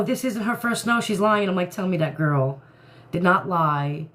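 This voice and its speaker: A woman talks to her live-stream viewers from home in a loose, chatty way. She goes off on animated rants, speaking straight into a phone, and laughs between thoughts. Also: mid-range voice. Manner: ranting, animated, laughs often. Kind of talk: casual live-stream chat.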